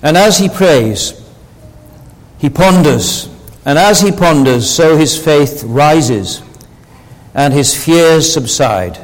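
A preacher delivering a sermon, earnest and building to emphatic rhetorical questions. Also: male voice, mid-range voice, long reverb tail, poor audio. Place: church.

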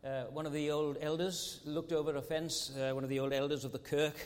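A man's voice: a little high, little pitch movement, fairly quick. A man preaching a sermon as pastor, earnest and fond of rhetorical tag questions. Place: large church sanctuary. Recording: long church hall reverb.

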